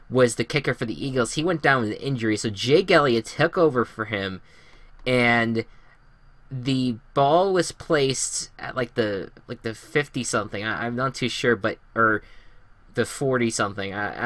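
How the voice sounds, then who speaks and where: A man's voice: medium pitch, pushed and bright, no echo. A man hosting a casual sports podcast, rambling through game recaps with many fillers and restarts. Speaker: podcast host.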